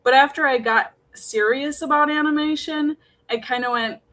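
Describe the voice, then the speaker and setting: A woman with a Wisconsin accent, a comic artist guest talking in a soft, hesitant way. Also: sits high, normal speed. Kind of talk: casual interview chat.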